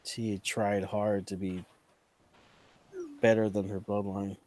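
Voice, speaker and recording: A man voicing a male silver dragon, speaking in an earnest, halting way. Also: on the low side, little pitch movement, darkish tone. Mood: grieving.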